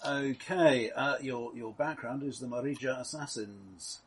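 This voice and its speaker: A man's voice: mid-range voice, measured pace, a bit bright. Hesitant man running a tabletop game. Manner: hesitant, many restarts and fillers. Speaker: game master.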